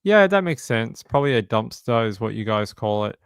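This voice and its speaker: A chatty Australian man in his forties hosts a casual livestream, answering his viewers and joking around. He often repeats himself as he talks. His voice comes through smooth and clear, close and dry with no room sound. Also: medium pitch, sing-song, brisk, no room sound. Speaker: livestream host. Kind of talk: casual live-stream chat answering viewers.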